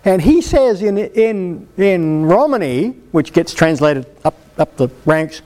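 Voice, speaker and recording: A male preacher with a fairly high voice delivers a sermon at a healing meeting. He speaks emphatically and with lively drive, pressing the congregation to act. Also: slow, few pauses. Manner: emphatic, animated, exhorting the congregation.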